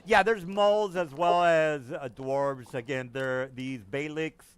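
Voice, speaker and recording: A man's voice: on the high side, slow, crowd noise. Man running a tabletop game. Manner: casual, profane, many fillers. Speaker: game master.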